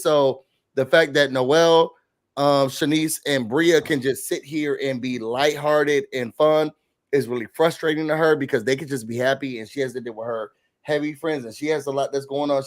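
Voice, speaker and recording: A man co-hosting a podcast, casually recapping a reality show and acting out the cast's lines. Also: medium pitch. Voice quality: animated retelling, acting out quotes.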